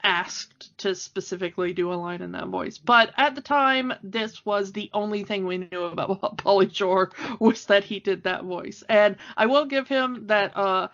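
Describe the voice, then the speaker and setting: A woman's voice: mid-range voice, a little slow, few pauses, fairly bright tone. A woman co-hosting a podcast in casual chat, talking freely with frequent fillers and laughs. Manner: chatty, laughing often, many fillers. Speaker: podcast co-host. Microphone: home microphone, remote call. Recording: dull lo-fi audio.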